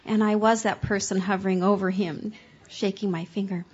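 Woman, husky voice, earnest halting testimony, dull lo-fi seminar tape. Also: mid-range voice, little pitch movement, darkish tone. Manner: earnest, halting storytelling with many restarts. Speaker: speaker's wife sharing a story.

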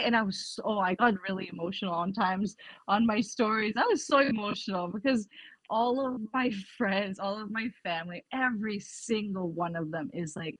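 Woman guest, mid pitch, lively storyteller who acts out dialogue, dry close mic. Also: moderate pace, no echo. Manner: animated storytelling, acting out quoted exchanges with her family and herself. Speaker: podcast guest. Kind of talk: casual podcast conversation.

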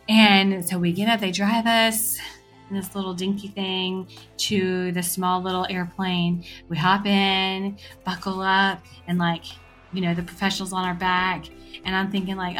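A woman's voice: medium pitch, normal speed, soft background music. Chatty woman telling a story. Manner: animated, acts out quoted voices. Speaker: podcast host. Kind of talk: casual storytelling.

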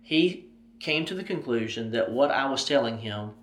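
A man's voice: medium pitch, expressive, moderate pace, a bit bright. A man telling a personal story as an interview guest, animatedly acting out the dialogue. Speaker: ministry president, interview guest. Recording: roomy echo.

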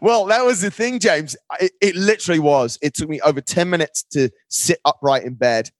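A man, a podcast guest, telling a personal story in casual conversation. He talks in an animated way and keeps saying "mate.". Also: fairly high pitch, fairly quick, dry recording. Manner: animated, often says "mate".

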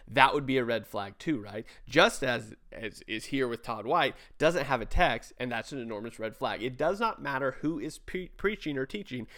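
A man's voice: medium pitch, a bit bright. A man reviewing a sermon he plays in pieces, talking casually and critically, with restarts and asides. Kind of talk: casual commentary over a played sermon.

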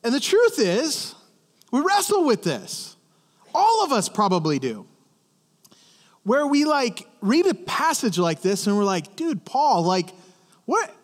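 A man's voice: very high-pitched, huge pitch swings, a little slow, pauses often, in a large hall. A man preaching a sermon to a congregation in a conversational way, often restarting words and asking the listeners questions. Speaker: pastor. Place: church service.

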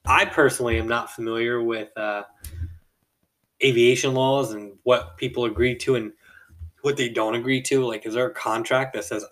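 A male podcast host telling a story in a loose, casual monologue, rambling and chuckling mid-sentence. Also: mid-range voice.

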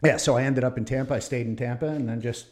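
A retired Navy officer in his fifties speaks fast in a mid-range voice as the guest in a casual interview. He's an animated storyteller, acting out the voices of the people he quotes.

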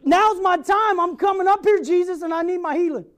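A man preaching who voices a desperate blind beggar, shouting loud pleas for mercy. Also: extremely high pitch, brisk, pitched above the performer's own voice. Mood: resolute.

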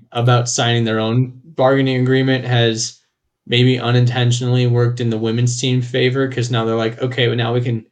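A man's voice: mid-range voice, flat delivery, normal speed. A man co-hosting a podcast, talking in a loose, rambling way with frequent restarts and easy laughter. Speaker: podcast co-host. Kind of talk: casual chat.

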